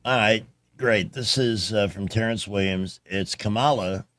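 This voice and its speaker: A man's voice: fairly low pitch, fairly even intonation, unhurried, noisy background. A man hosting a talk radio show, chatting in a plainspoken and blunt way at a studio microphone. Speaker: radio host. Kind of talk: casual talk radio chat.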